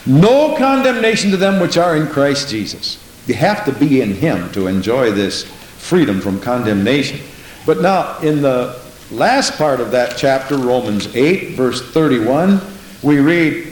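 A man's voice: animated, measured pace. A man preaching a sermon, telling stories in an emphatic way and often repeating a short phrase of praise. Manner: emphatic, repeats "Praise the Lord", big pitch swings. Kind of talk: sermon with storytelling. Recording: very echoey room with faint hiss.

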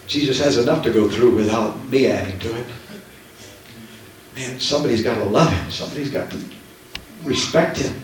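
In a very echoey church hall, a man with a medium-pitched voice preaches a fervent Pentecostal sermon from the platform, pausing often and repeating himself emphatically. The mic is distant, and faint noise can be heard.

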